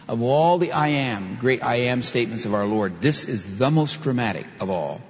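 A male preacher reads a scripture passage aloud and then explains it with emphatic asides. His pitch moves widely as he leans into key lines. The sound is dull and muffled, with long reverb hanging in a large church hall. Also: lively intonation, normal speed, few pauses. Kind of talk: sermon with scripture reading.

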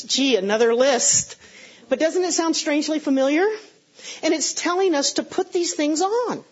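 A woman's voice: high voice, moderate pace, muffled recording. A middle-aged woman pastor preaching a conversational sermon, with self-deprecating humor, answering her congregation.

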